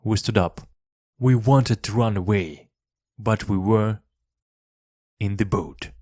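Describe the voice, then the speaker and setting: A man reading a storybook aloud for language learners in a plain, measured way, one sentence at a time. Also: lowish voice, a little mellow, dry recording, studio quality. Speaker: reader. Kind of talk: slow storybook narration for learners.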